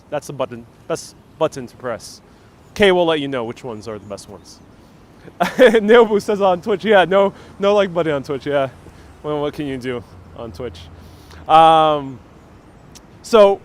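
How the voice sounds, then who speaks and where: A man hosting a live walking tour outdoors on city streets, joking with viewers and reading out their chat comments into a clip-on mic. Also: fairly high pitch. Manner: playful, jokey, reads out chat comments. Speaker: livestream walking tour host. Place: outdoors on city streets, then inside a small discount store. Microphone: wireless clip-on mic, phone on gimbal.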